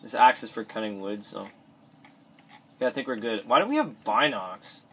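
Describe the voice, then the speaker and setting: A teenage boy in his bedroom rambles through let's play gameplay commentary, often restarting sentences and mumbling asides as he plays. His male voice is fairly low, expressive and a bit bright at a normal speed. The cheap or built-in device mic picks up a little hiss or hum.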